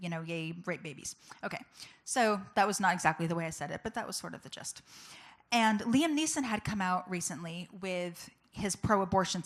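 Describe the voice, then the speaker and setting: Candid woman telling a personal story. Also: mid-range voice. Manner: conversational, candid storytelling with many fillers. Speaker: public speaker. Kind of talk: personal testimony speech.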